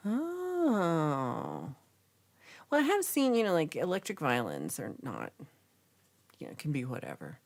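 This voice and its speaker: A young woman hosting a casual livestream, reading viewer comments aloud and chatting in a lively, reactive way. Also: deep voice, a little fast, gravelly. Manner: chatty, reacts with gasps and laughs, animated. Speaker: livestream host reading chat.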